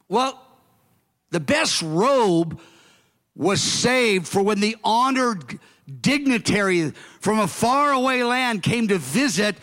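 A male pastor preaching a sermon, acting out the characters' lines slowly and emphatically. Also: high voice, fairly bright tone, long reverb tail.

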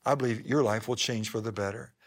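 A man's voice: fairly low pitch, fairly even intonation, fast. A man preaching a sermon as a pastor to a live congregation, speaking with an emphatic cadence and repeated phrases.

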